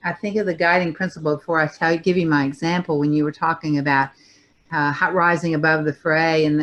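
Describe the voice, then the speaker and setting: Older female co-host with a lowish voice, thoughtful storyteller who pauses and restarts. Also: fairly bright tone. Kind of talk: reflective personal storytelling.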